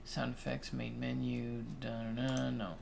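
A man's voice: mid-range voice, monotone, a little slow, gravelly, a little mellow, slight background noise. A man casually commenting on a game he's playing with friends, laid-back and swearing when startled. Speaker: let's play host.

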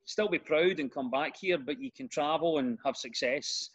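Glaswegian man telling lively stories. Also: fairly high pitch, normal speed, breathy edge. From Scotland. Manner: animated storyteller, repeats words when starting sentences. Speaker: podcast guest, comedian and radio host. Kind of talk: casual interview chat.

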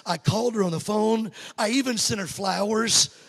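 High-voiced Southern evangelist telling jokes. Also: male voice, moderate pace, vocal fry, slightly rough, in a large hall. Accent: Southern American. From Alabama. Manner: animated, joking with the crowd. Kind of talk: sermon storytelling. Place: church sanctuary.

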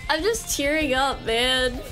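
A high-voiced woman streaming a video game, cracking jokes and swearing as she plays. She talks at an unhurried pace, breaking into panicked yelps and laughter. Game music runs underneath. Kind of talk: casual gameplay commentary.

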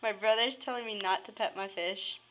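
A woman vlogging casually at home, excitable, prone to squeals and nervous giggles. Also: medium pitch, a little fast, rough recording. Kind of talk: casual vlog narration.

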